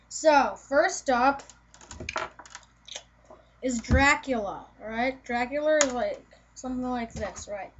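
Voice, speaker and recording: A woman's voice: high-pitched, a little hiss or hum. A young woman vlogging casually, rambling and chatty with lots of fillers. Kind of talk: casual video chat. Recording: dull lo-fi home video.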